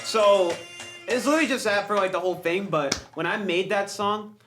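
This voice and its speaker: A man's voice: sits high, moderate pace, over music. A young man chatting casually as a guest musician, rambling with lots of restarts and fillers. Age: young adult. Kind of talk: casual interview chat.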